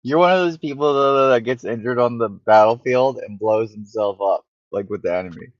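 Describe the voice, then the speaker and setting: A man's voice: mid-range voice, normal speed, dry recording, muffled recording. A man in casual podcast chat, cutting in with dry, teasing quips.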